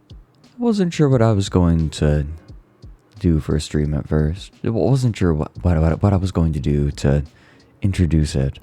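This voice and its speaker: A man's voice: extremely low pitch, very animated, a little slow, dark tone, faint music behind. A male streamer chatting casually and sounding tired, rambling and stumbling over his words. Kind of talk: casual chat.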